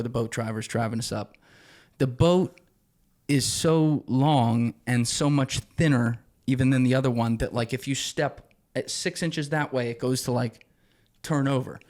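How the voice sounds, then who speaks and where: A man's voice: medium pitch, darkish tone. A young man, a podcast guest, telling a story casually and animatedly, cursing freely and acting out the people he quotes.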